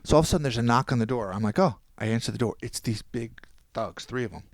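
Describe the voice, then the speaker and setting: A man, a podcast guest, telling a long anecdote in casual chat and quoting people in quick voices. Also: medium pitch, dry recording, studio quality.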